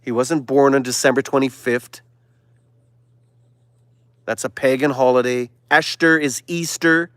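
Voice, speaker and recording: A man hosting a livestream, giving a preachy monologue that swings from loud declarations to hushed whispers. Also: medium pitch, fairly even intonation, a little slow, long pauses, no echo. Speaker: livestream host.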